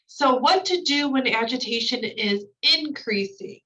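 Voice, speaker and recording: A woman's voice: a little high, a little slow, sharp tone. Woman trainer on a distant, dull mic. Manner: reads slides then explains in casual asides. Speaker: new-hire trainer. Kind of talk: recorded training lecture.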